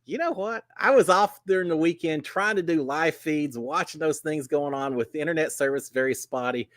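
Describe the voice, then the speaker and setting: A man's voice: fairly high pitch, moderate pace, fairly bright tone, no echo, clean studio sound. A middle-aged man hosting a casual livestream chat, folksy and upbeat, with plenty of "uh" fillers. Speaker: host.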